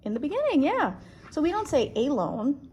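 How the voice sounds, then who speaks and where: A woman's voice: very high-pitched, very animated, a little mellow, dull audio. Patient teacher woman in an echoey room. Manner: patient, slow and clear, stretching out sounds. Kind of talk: one-on-one phonics lesson. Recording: echoey room, distant mic, background noise.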